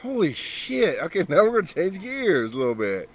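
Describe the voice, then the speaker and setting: A man's voice: fairly high pitch, huge pitch swings, fast talker. A man talking casually to the camera in a blunt, profane way, scolding his kids between thoughts, outdoors by a pool. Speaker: podcaster and father. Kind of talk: casual vlog monologue.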